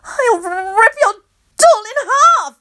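A woman voicing a deranged young female villain who shrieks and cackles, sometimes turning flat and smug. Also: takes it slowly, full character voice. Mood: shrieking. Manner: shrill, sing-song, then flat and smug.

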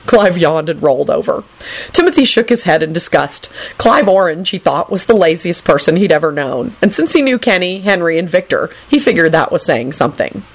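A woman's voice: fairly low pitch, sing-song, brisk. A woman reading a story aloud, narrating expressively.

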